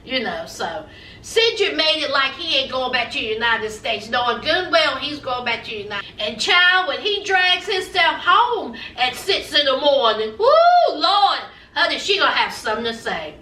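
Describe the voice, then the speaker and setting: Woman, high bright voice, sassy TV-recap gossip, roomy far-off mic sound. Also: lively intonation, normal speed. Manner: sassy, gossipy, acts out the cast's lines. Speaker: recap vlogger. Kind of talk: casual TV recap commentary. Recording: echoey room, mic at a distance.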